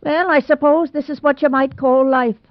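Casting: woman as a blunt old housekeeper, loud and sarcastic, on a tinny dry line. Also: on the high side, lively intonation, moderate pace, dry recording, pitched above the performer's own voice, lightly acted. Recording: dry tinny phone-like sound.

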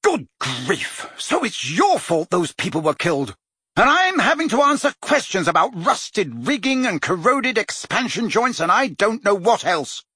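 A man voicing an irritable male prime minister who barks sharp, sarcastic retorts. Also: fairly high pitch, very animated, measured pace, breathy edge, dry recording, studio quality, full character voice. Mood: furious.

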